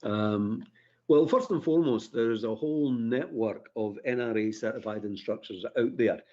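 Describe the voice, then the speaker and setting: A man who learned the Queen's English talks as a firearms instructor on a live podcast, chatty and rambling with easy laughs. His voice is husky and the stream audio sounds dull. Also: mid-range voice, normal speed, warm tone. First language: British English. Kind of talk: casual live podcast chat.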